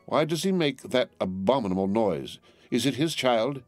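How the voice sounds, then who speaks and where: A man's voice: medium pitch, animated, moderate pace, darkish tone, faint music behind, voice pushed up, natural voice. A man reading an audiobook, voicing a cold, haughty aristocratic marquis in a disdainful, imperious manner. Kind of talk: audiobook character voice.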